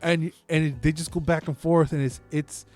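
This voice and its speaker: Man, podcast co-host, casual chat, profane, emphatic, slightly high voice, mellow tone. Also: fairly even intonation, normal speed, soft background music.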